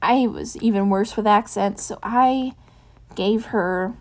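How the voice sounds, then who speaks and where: A woman reads a fan fiction chapter aloud in a soft, unhurried voice. Afterwards she drops into a casual, rambling chat with her listeners, full of ums. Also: medium pitch. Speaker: fanfiction reader. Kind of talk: audiobook narration of fan fiction.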